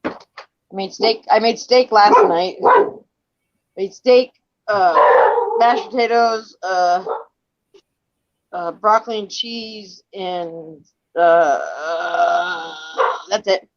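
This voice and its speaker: A woman's voice: medium pitch, very slow, creaky, long pauses, slight background noise. An older woman from New Jersey, a livestream host who chats casually and bluntly, swears freely and tells stories in quoted voices. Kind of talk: casual chat. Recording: dull dry sound.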